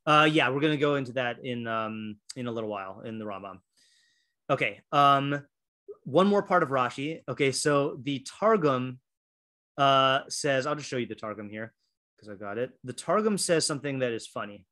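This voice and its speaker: A man's voice: medium pitch, moderate pace, sharp tone. A man teaching a Torah class in a casual, chatty way, full of fillers and restarts, reading passages aloud and explaining them.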